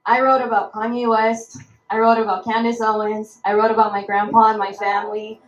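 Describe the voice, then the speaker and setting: A young woman telling a personal story at a roundtable, lively and acting out the voices of the people she quotes. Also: on the high side, brisk. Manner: animated, acts out quoted voices. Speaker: roundtable speaker. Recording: echoey room.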